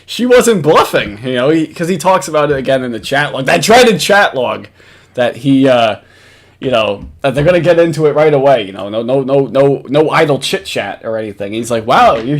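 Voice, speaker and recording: A man giving casual reaction commentary, ranting in an exasperated, profane way with many restarts. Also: medium pitch. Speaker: commentary host.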